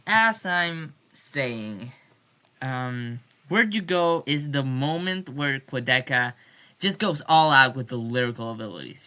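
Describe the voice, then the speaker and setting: A woman's voice: rumbling low, bright, forceful tone. A woman recording a casual video diary, rambling about music with many restarts and joking swears. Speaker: music fan.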